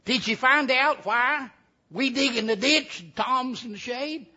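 A storyteller voicing Arzie, a simple, puzzled country brother. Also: male voice, very high voice, a little slow, bright, forceful tone, voice pushed up, full character voice. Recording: dull lo-fi recording.

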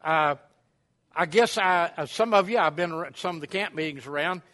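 A preacher spinning a folksy yarn at a camp meeting, rambling with many uhs and restarts. His voice sits high for a man and sounds bright and forward. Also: moderate pace. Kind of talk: sermon storytelling.

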